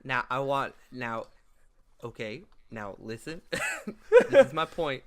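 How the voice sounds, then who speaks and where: A man's voice: medium pitch, animated, slow pace. A man playing a tabletop game in character, talking emphatically, swearing and laughing a lot.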